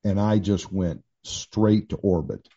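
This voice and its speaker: In a casual conversation, a pastor and author in his sixties candidly shares his own story, full of restarts and fillers. His voice is low-pitched, slow, mellow and slightly rough, and the recording has a dull lo-fi sound.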